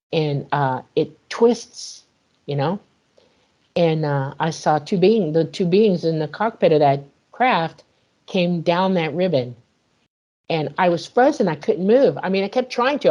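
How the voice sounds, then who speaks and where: A woman guest in an interview, retelling a personal experience in an animated way and acting out the dialogue. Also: lowish voice, muffled recording. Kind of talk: emotional personal storytelling.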